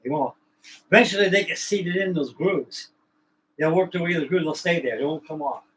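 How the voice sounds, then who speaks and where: A man's voice: a little high, fairly quick, a bit bright, poor audio. A man with a slightly raised voice chats casually as the host of a livestream. His talk is folksy and colloquial, and he drifts from one point to the next. Faint ambient noise sits under the voice. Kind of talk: casual chat.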